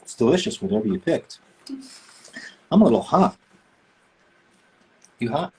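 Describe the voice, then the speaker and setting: A voice actor with a fairly high, husky, warm voice and lively intonation chats playfully with fans as he signs autographs on a livestream. He speaks a little slowly. The casual conversation takes place in an indoor room.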